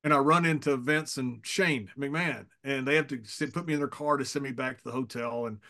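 A man's voice: medium pitch, brisk, sharp tone. A man in his fifties, a podcast guest, telling stories casually, chuckling often and repeating words as he goes. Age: 50s. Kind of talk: casual storytelling.

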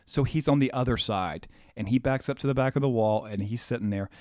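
A man co-hosting a podcast, telling a rambling, animated anecdote full of quoted dialogue. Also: medium pitch, a little fast, no room sound, studio quality. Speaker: podcast co-host. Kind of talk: casual storytelling.

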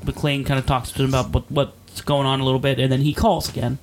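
A man's voice: medium pitch, level tone, quick pace, slight background noise. A man co-hosting a podcast, casually retelling a movie plot with loose, profane asides. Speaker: podcast co-host. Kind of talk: casual chat recapping a movie.

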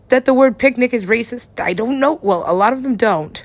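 A woman talking in rambling casual chat, laughing often, swearing freely and swinging her pitch up and down. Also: a little fast, hardly any pauses, dry recording. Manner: rambling, frequent laughter, profane asides, big swings in pitch.

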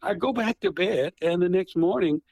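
A man's voice: high voice, normal speed, vocal fry, darkish tone, no echo, rough recording. A man in his sixties, a retired prosecutor and guest author, telling stories animatedly over a phone handset. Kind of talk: storytelling interview.

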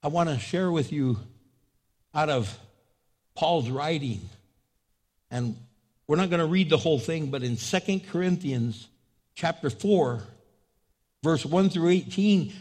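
A man preaching a sermon as pastor, fervent, prompting the congregation to answer back, swinging between loud exhortation and low, intimate asides. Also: a little slow, pauses often.

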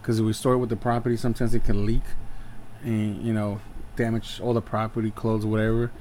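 A man's voice: on the low side, little pitch movement, a little fast, dark tone, a little hiss or hum. A man co-hosting a podcast, chatting casually and rambling with jokes and fillers. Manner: rambling, joking, many fillers. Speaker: podcast co-host. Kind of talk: casual chat.

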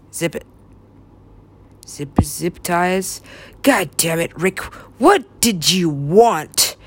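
A woman's voice: lowish voice, gravelly, a little hiss or hum. A woman from the US West Coast in a loose, rambling casual chat, laughing often, swearing freely and slipping into silly voices. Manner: giggly, swears a lot, acts out silly voices.

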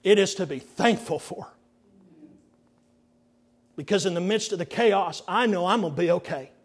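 A middle-aged male pastor preaching a sermon, earnest and dramatic, dropping to hushed near-whispers for emphasis. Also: high-pitched, slightly rough. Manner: earnest, slow and deliberate phrasing.

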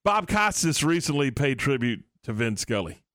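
A man's voice: medium pitch, very animated, moderate pace, fairly bright tone, dry recording, clean studio sound. A man hosting a sports radio show, talking casually and rambling with frequent restarts. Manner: rambling, many restarts and fillers.

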